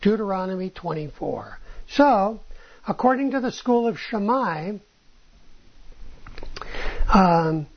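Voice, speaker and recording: A woman's voice: mid-range voice, expressive, slow pace, long pauses, slightly rough. A woman teaching a class on rabbinic texts, often checking in with "right?" and "okay?" and asking rhetorical questions. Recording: dull lo-fi recording.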